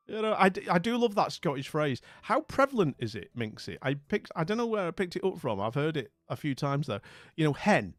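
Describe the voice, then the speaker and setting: A man's voice: a little high, sing-song, brisk, fairly bright tone, dry recording, clean studio sound. A middle-aged man chatting casually with his stream's viewers, rambling with lots of fillers and restarts. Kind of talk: casual chat with viewers' comments.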